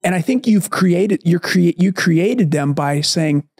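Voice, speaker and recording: A man's voice: high-pitched, animated, a little slow, darkish tone, no room sound, studio quality. Earnest man coaching on a podcast. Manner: earnest, coaching tone, explains then asks questions. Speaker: podcast co-host, parenting coach. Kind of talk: conversational podcast talk.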